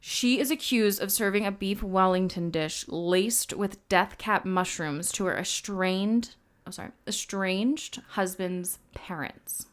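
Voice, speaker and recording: A woman's voice: medium pitch, slow. A young woman co-hosting a casual true-crime podcast, chatty and swearing freely, often breaking into laughs. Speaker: podcast co-host. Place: New York.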